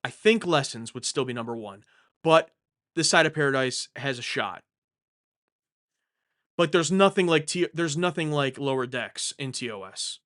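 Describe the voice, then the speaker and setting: A man's voice: mid-range voice, expressive, moderate pace, pauses often, fairly bright tone. A young man casually hosting a live stream from home, answering viewer questions in a rambling, jokey way, often correcting himself mid-sentence.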